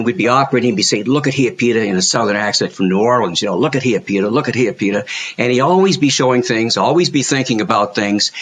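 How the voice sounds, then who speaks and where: An older man with a lowish voice talks about his career as a podcast guest. He is reflective and anecdotal, often restarting his sentences. It sounds like he is on a video call. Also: a bit bright. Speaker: guest surgeon. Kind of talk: podcast interview.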